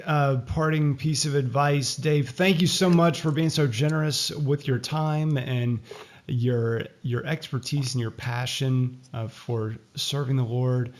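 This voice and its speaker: A man's voice: mid-range voice, darkish tone. A man hosting an interview, speaking in an earnest, encouraging way. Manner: earnest, encouraging, faith-based reflection. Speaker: podcast host.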